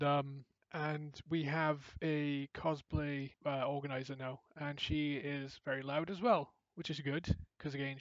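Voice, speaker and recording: Male podcast co-host, lively storyteller, slightly high voice, dry dull lo-fi sound. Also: no room sound. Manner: animated storyteller, acts out quotes. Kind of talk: casual chat.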